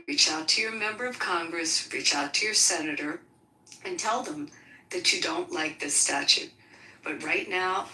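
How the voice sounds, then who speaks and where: A woman makes a measured, lecturing point in a political debate, repeating her key phrases. Her voice is very low yet bright. The sound is roomy with faint noise. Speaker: debate participant. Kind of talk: explanatory debate remark.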